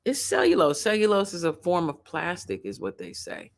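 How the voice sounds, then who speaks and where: A woman's voice: lowish voice, huge pitch swings, moderate pace, vocal fry. Chatty Chicago-accented woman reacting. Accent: suburban Chicago. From Chicago, USA. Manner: rambling, chatty, talks straight to viewers. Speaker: host. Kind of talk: casual reaction commentary.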